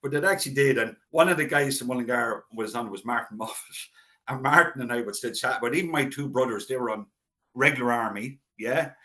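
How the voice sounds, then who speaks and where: A man's voice: mid-range voice, brisk, pushed and bright. Chatty Irish man telling stories. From Ireland. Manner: chatty anecdotal storyteller, acts out quoted voices. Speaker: guest, local historian. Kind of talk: casual storytelling interview.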